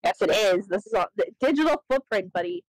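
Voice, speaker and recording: Excitable young woman gaming on stream. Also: medium pitch, brisk, no room sound, poor audio. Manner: laughing, swearing, excitable. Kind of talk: casual gaming chat.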